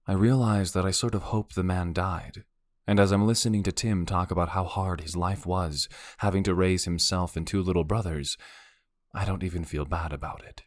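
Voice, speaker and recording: A male narrator reads a romance audiobook in the first person, with a wry, brooding delivery. His voice sits very low. The recording is close and dry. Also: fairly even intonation, moderate pace, no echo.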